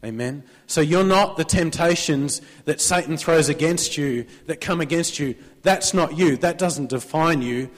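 A man's voice: on the high side, unhurried, few pauses, big-room sound. A man with an Australian accent preaching a sermon in a church, talking conversationally, prompting the congregation to answer amen, with a sore throat. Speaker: pastor.

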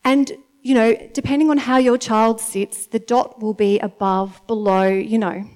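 A woman in her thirties with an Australian accent, giving a chatty, animated sermon to a congregation and often laughing. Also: fairly high pitch, a little slow. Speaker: church speaker. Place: church meeting in front of an audience.

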